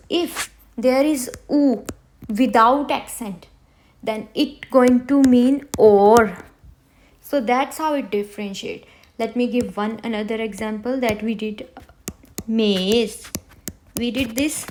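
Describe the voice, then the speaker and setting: A woman teaching a beginner French lesson, who slowly repeats each word for her students. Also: a little high, a little mellow, a little hiss or hum. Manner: slow, repeats words for students to hear.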